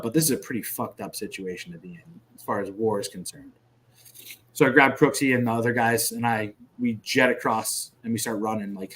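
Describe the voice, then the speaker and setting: A male military veteran on a podcast, retelling combat in a casual, profane and vivid way. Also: lowish voice. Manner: profane, vivid, animated retelling with sound effects. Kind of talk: casual war storytelling.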